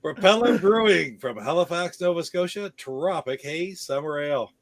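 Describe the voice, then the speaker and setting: Playful man with a bright, lively pitch. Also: normal speed, dry recording. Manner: playful and jokey, laughs easily. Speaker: guest on a live chat show. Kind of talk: casual banter.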